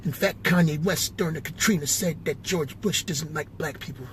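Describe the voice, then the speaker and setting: A man impersonating a folksy former president, speaking softly and haltingly. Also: a little high, a little hiss or hum, lightly acted.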